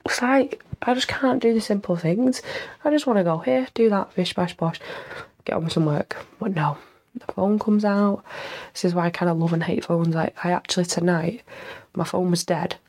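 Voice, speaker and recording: A woman's voice: lowish voice, moderate pace, a little mellow. A young woman hosting a casual solo podcast, rambling and self-mocking, a little stuffed up with a cold and tired. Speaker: podcast host.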